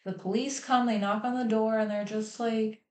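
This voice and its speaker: A woman's voice: on the high side, fairly even intonation, normal speed, a little mellow. A woman hosting a livestream, talking candidly and emotionally about her family, swearing freely. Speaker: host. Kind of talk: candid personal talk on a livestream. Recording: echoey room.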